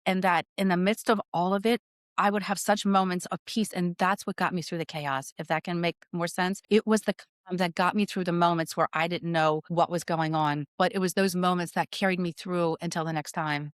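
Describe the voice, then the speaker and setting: A woman's voice: lowish voice, fairly even intonation, brisk, no room sound, clean studio sound. A woman co-hosting a spiritual podcast, telling a personal story in earnest, casual chat and often checking in with "right?". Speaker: podcast co-host and spiritual medium.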